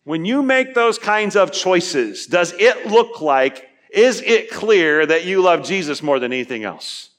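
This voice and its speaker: A man preaching a sermon, earnest, asking his listeners questions and building to emphatic peaks before dropping quiet. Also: sits high, animated, measured pace, few pauses. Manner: asks the listeners direct questions. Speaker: pastor.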